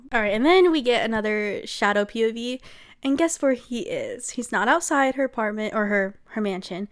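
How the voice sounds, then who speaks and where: A woman's voice: mid-range voice, moderate pace. A woman giving a casual book recap with a chatty, sarcastic manner, often breaking into giggles. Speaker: book reviewer.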